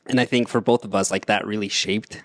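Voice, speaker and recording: A man's voice: on the low side, steady tone, brisk, a bit bright. A man co-hosting a casual podcast chat, rambling and repeating words as he talks. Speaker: podcast co-host.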